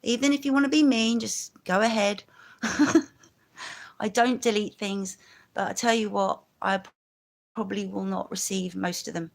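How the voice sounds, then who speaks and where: A woman's voice: mid-range voice, fairly even intonation, moderate pace, vocal fry, pauses often. A woman from London with a London accent, talking in a rambling, chatty way on a casual live stream, full of asides.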